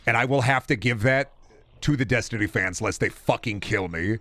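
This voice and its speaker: A male game streamer in an off-the-cuff rant. He swears heavily as he goes. He keeps circling back and restarting his sentences, at a mid-range pitch. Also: moderate pace, a bit bright. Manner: profane, heated ranting with frequent swearing; rambling, with restarts and trailing asides. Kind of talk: casual ranting stream chat.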